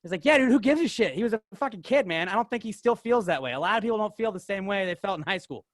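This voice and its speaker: A man's voice: high-pitched, quick pace, no echo, clean studio sound. A man co-hosting a podcast, rambling through filler-heavy casual chat and getting worked up. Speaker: podcast co-host.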